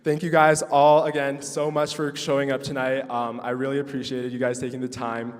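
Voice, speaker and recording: A man's voice: medium pitch, flat delivery, normal speed. A young male student pianist giving an emotional thank-you speech at his recital, with many ums and nervous laughs. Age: young adult. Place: recital hall with audience. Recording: distant voice in a reverberant hall.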